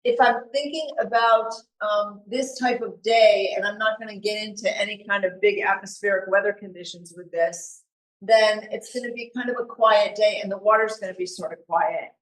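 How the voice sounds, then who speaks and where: A woman giving a live painting demonstration to an audience, talking in a relaxed, chatty way and thinking aloud as she works. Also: mid-range voice, moderate pace. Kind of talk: live art demonstration talk. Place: meeting room with an audience. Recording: echoey room recorded from far off.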